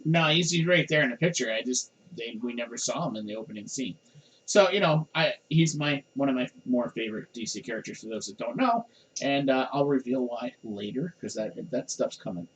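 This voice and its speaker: A man's voice: mid-range voice, brisk, poor audio. A middle-aged man hosting a podcast, chatting casually and rambling with plenty of fillers. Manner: rambling, animated, chuckles often. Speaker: podcast host. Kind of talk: casual chat.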